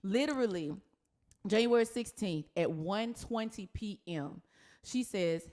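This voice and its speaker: A woman podcast host who tells a story with lively, animated delivery and breaks into laughter often. Her pitch sits in a middle register for a woman. She speaks in a casual, conversational way. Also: unhurried. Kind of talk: casual chat.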